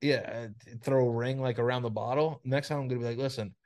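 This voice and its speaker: A man's voice: mid-range voice, fairly even intonation, fast, a little mellow. A man hosting a podcast over a video call, ranting in crude casual banter, swearing freely and padding every sentence with "like.". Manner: profane ranting, heavy filler "like". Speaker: podcast host. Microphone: remote video call.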